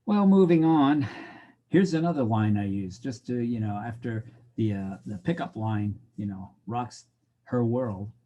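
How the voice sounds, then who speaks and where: A man's voice: fairly low pitch, unhurried, mellow, lo-fi sound. Wry joking male college lecturer. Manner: joking, wry, talks to the class directly. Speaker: college instructor. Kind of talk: recorded lecture.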